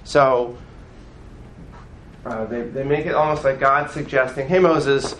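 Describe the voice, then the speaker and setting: A man teaching a class as a rabbi, in casual classroom style, animated and often checking in with his listeners. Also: medium pitch, measured pace, reverberant, a little hiss or hum, rough recording. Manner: animated, acts out voices of the story, frequent "right?".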